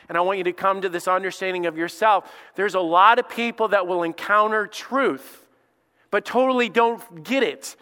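A man's voice: sits high, sharp tone, smooth, long reverb tail. A middle-aged man, a pastor, preaching a sermon in an emphatic, conversational way, often repeating his phrases.

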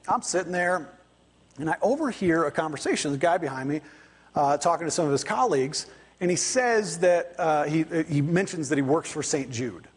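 A man gives a sermon in a loose, chatty storytelling style, acting out the people in his story as he goes. His voice sits a little high and has a husky edge. A long church reverb trails behind each phrase. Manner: conversational, animated storytelling with quoted voices. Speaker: pastor. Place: church sanctuary.

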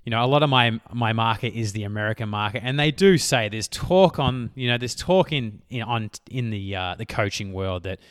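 A man's voice: lowish voice, normal speed, few pauses, clear, resonant tone, dry recording, clean studio sound. A man in his thirties, a business coach talking casually and rambling on his podcast, often correcting himself mid-sentence. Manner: rambling, self-correcting, chatty. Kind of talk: solo podcast monologue.

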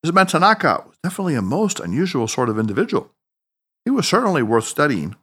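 A man narrating an audiobook story in an expressive, dramatic reading style. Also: a little high, quick pace, slightly rough.

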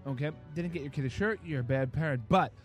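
A man's voice: fairly high pitch, fast, soft background music. A man co-hosting a podcast, rambling and joking through an ad-libbed sponsor read. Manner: animated, teasing, rambling with restarts. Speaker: podcast co-host reading sponsor ads.

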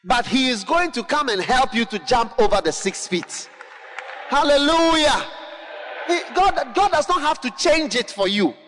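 A man preaching a sermon, emphatic and repetitive, often rising to shouts and calling to the congregation. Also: very high-pitched, animated, a little slow, a little hiss or hum. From Ghana. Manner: emphatic, repetitive, building to shouts, call-and-response. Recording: long hall reverb.

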